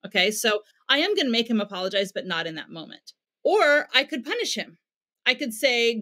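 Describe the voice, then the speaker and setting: A middle-aged woman with an American accent talks through her points in an interview, sounding like a teacher walking a class through an idea. Her voice sits a little on the high side, and she drives each point home with a concrete example and a repeated word. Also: animated, normal speed, bright, forceful tone. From United States. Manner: teacherly, builds points with examples and emphatic repetition. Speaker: parenting expert guest. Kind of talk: explanatory interview answers.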